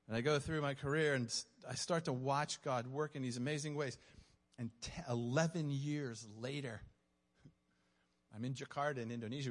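A man preaching, telling a story from his police days with emotion, dropping to a hush and then rising loud. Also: medium pitch. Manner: emotional, dramatic pauses, swings from hushed to loud. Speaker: preacher, former police officer. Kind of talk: sermon storytelling. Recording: long hall reverb.

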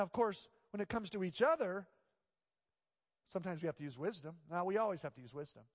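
Male pastor, sermon, storytelling delivery, emphatic repetition, high voice, long reverb. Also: lively intonation, a little fast.

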